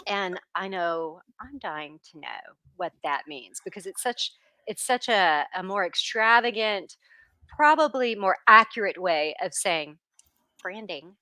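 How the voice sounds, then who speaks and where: A woman hosting a live-stream interview, excitable and gushing as she greets viewers and reads their comments. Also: medium pitch, unhurried, dry recording. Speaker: livestream interview host. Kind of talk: bubbly live-stream chat.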